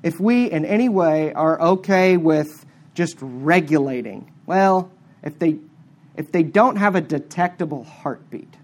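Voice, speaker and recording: An emphatic preacher delivering a sermon at a middle pitch. The delivery swings sharply between hard-stressed words and quiet asides.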